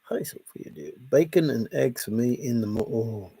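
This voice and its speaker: A man's voice: medium pitch, lively intonation, normal speed, vocal fry, warm tone, husky, dry recording. A man hosting a casual late-night livestream, reading viewer comments aloud and answering them playfully. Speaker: livestream host.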